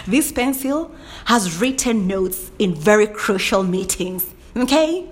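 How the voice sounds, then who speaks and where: A woman with a medium-pitched, animated voice hosts a solo podcast at a slightly slow pace. She chats casually and playfully, frequently bursting into laughter and mock indignation.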